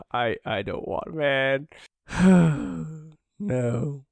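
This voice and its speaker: A man's voice: medium pitch, expressive, drawn-out words, vocal fry, dry recording. Emotional man co-hosting a podcast. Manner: emotional, sighing, reads dialogue quietly. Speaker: podcast co-host. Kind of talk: casual chat, reading manga panels aloud.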